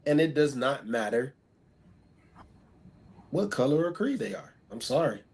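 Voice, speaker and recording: A man's voice: mid-range voice, sing-song, a little slow, creaky, a little mellow, husky. A man speaking as a talk show guest, stating firm, repetitive opinions about women in casual talk.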